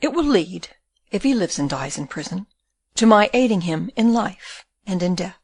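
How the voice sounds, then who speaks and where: Woman voicing a shy young woman, earnest, proud, slightly husky, audiobook. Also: medium pitch, lively intonation, moderate pace, a little mellow, no room sound, studio quality. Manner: timid yet proud, truthful. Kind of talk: audiobook character reading.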